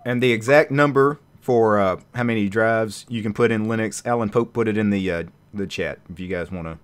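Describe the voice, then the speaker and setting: A man with a lowish voice hosts a loose tech chat over a video call. He laughs easily and slips in asides about software. The talk is relaxed and nerdy. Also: brisk, clear, resonant tone. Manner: laughs often, relaxed enthusiastic nerd talk. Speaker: host.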